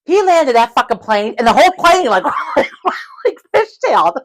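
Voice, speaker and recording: A woman's voice: high-pitched, measured pace, vocal fry. A woman co-hosting a casual podcast, telling a story with lots of swearing and acting out both sides of conversations. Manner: profane, animated, acts out dialogue. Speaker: podcast co-host.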